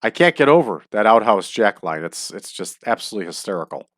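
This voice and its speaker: A man's voice: lowish voice, sing-song, fast, fairly bright tone, dry recording, clean studio sound. A man hosting a casual let's-play of a wrestling booking game, upbeat and chatty, often breaking into laughter. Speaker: host.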